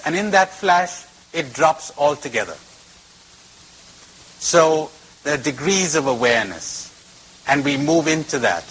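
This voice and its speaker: A man's voice: a little high, a bit bright, breathy edge, poor audio. A man giving a spiritual talk to a retreat audience, telling stories and repeating phrases for emphasis, recorded on old tape. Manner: storytelling with varied emphasis and repetition. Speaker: spiritual teacher.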